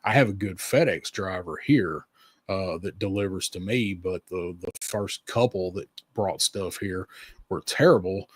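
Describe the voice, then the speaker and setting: Laid-back guy hosting a podcast, kinda low voice, rambles along, dry close mic. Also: measured pace, husky, dry recording. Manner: easygoing, rambling, lots of fillers. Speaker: podcast host. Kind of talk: casual chat.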